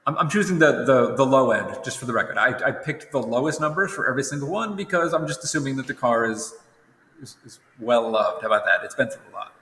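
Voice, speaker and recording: Though tired and yawning, this young man talks fast while teaching a recorded lesson, his medium-pitched voice expressive, bright and forceful. He rambles casually and keeps correcting himself. Roomy echo and long reverb fill the recording.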